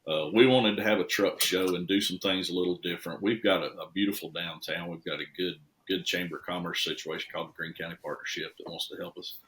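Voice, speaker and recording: A man's voice: sits low, fairly even intonation, fast, few pauses, a bit bright. A middle-aged man from Tennessee, a podcast guest who rambles and repeats words as he tells stories in casual chat. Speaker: guest, restoration shop owner.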